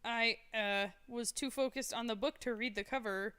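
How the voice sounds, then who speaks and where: A woman voicing a teasing, bookish young male college student in a live story reading, playful and halting, trailing off mid-word. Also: fairly high pitch, steady tone, a bit bright, clean tone, close to an everyday voice.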